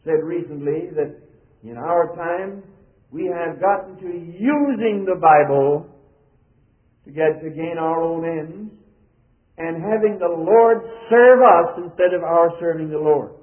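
A man's voice: on the high side, slow pace. A man preaching a sermon in an emphatic style, his voice rising and falling as he speaks. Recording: tinny, phone-like old sermon recording.

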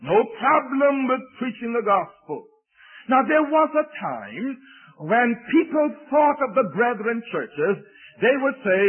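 Older preacher with a husky, tinny sound. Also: male voice, extremely high pitch, big pitch swings, takes it slowly, faint music behind. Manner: earnest, repeats key phrases, frequent hesitations. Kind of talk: sermon. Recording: tinny phone-like recording.

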